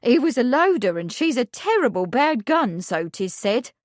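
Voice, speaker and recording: A woman's voice: on the high side, very animated, normal speed, dry recording, clean studio sound, pitched above the performer's own voice. A woman voicing an older housekeeper who speaks in plain rustic dialect. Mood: matter-of-fact. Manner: rustic dialect, matter-of-fact. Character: older housekeeper, gossipy and sympathetic.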